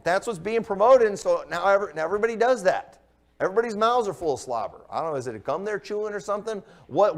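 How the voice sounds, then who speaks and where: Higher-voiced man preaching a sermon. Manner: preaching with swings from loud to low. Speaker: pastor.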